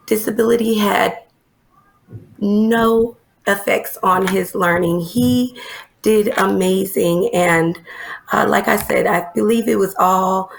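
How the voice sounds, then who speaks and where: A woman's voice: medium pitch, gravelly. A woman who is an early learning teacher, answering interview questions earnestly, with frequent fillers.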